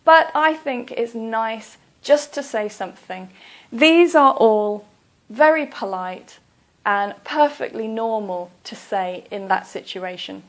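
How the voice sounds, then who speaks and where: A woman tutor delivers an English speaking-test lesson in a slightly high voice. She speaks very slowly and carefully, spacing out each phrase like a scripted teaching video. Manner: slow, careful, clearly enunciated. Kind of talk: slow scripted instruction.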